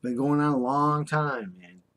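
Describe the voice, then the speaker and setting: A man's voice: a little high, unhurried, a bit bright. Older man ranting with scornful passion. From United States. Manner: impassioned, scolding, sarcastic rant with drawled asides. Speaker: vlogger. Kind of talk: ranting monologue.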